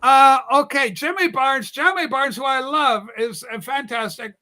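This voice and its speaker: A man's voice: very high-pitched, a little slow, sharp tone. A man hosting a casual livestream panel chat, teasing his guests in a jokey, theatrical way. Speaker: livestream host.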